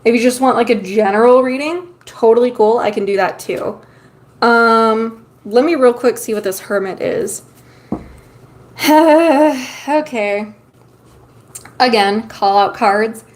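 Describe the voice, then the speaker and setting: A woman's voice: a little high, slow pace, long pauses. A woman streamer chatting casually with her viewers while reading tarot cards, loose and talkative with lots of filler ums. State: has the hiccups. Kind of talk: casual live-stream chat.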